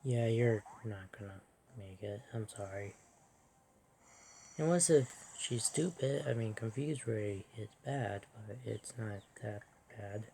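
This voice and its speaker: Video game commentary, soft-spoken, self-deprecating, slow pace, dark mellow tone. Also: medium pitch, vocal fry, slight background noise. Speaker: let's play host.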